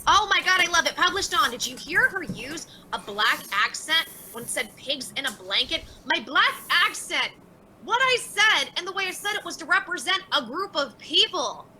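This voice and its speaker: A woman's voice: sits high, very animated, normal speed, sharp tone, slight background noise, low-quality recording. A woman livestreaming and reading out chat messages, talking bluntly with lots of swearing and exasperation.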